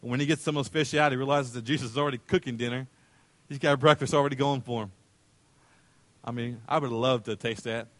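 A male pastor delivering a sermon, acting out voices in the story and moving from loud calls to hushed tender lines. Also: medium pitch, fairly even intonation, fast, no echo. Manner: dramatic, acts out voices in the story.

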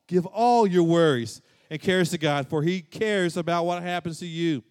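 A man preaching a sermon as pastor, swinging from loud and emphatic to soft and hushed. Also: high-pitched, moderate pace, few pauses, clear, resonant tone, long reverb tail.

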